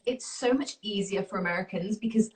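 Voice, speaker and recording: A woman's voice: mid-range voice, brisk, darkish tone. Distant-sounding woman host, encouraging. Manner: encouraging, chatty, giggly asides. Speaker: livestream host. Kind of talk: casual livestream chat. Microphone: phone on a video livestream. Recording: thin, distant phone-stream sound.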